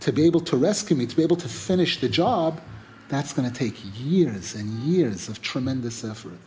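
With a mid-range voice at a moderate pace, a middle-aged Torah teacher retells a folk tale to convey a religious lesson. He repeats himself and restarts phrases in an animated way, and there's a little hiss or hum.

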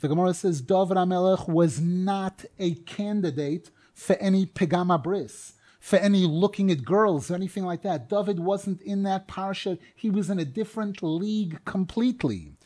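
A man teaching a Torah class. He reads each phrase of the text in a chanting tone, then explains it with animated rhetorical questions. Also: high voice, normal speed, hardly any pauses.

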